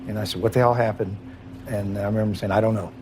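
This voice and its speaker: A middle-aged man, a former police chief from Kentucky, recalling events in an interview, plain-spoken and emotional, often halting and restarting. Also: fairly low pitch, steady tone, background noise. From Kentucky, USA. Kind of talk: interview recollection.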